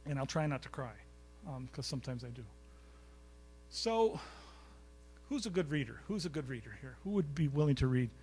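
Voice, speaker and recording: A man's voice: medium pitch, animated, normal speed, darkish tone, slight background noise. A man giving a storytelling lecture to a live audience in a college recital hall, chatty and anecdotal, often quizzing the crowd. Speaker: guest speaker.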